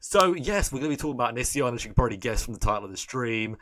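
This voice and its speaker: A man's voice: mid-range voice, lively intonation, rapid-fire, fairly bright tone. A man hosting a live stream, chatting casually in a rambling, joking, profane way.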